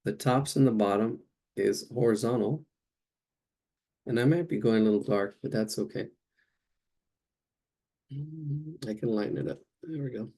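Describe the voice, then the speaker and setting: A man's voice: medium pitch, normal speed, pauses often, dark tone, husky. A man teaching a live painting class, thinking aloud as he works and searching for words. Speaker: art instructor.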